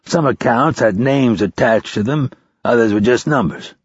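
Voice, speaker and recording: A man voicing a gruff, profane senior intelligence officer who talks bluntly and impatiently. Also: mid-range voice, normal speed, dry recording, lightly acted. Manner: blunt, impatient, swears often. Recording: dull, dry lo-fi recording.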